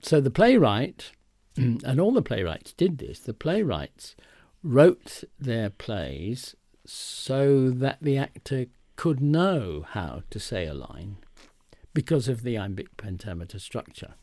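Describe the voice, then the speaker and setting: Gravelly older male theatre director. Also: mid-range voice, sing-song, slow, warm tone, no room sound, studio quality. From trained in England. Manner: thoughtful, demonstrates rhythm aloud. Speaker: theatre director and actor, guest. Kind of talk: explaining in a radio interview.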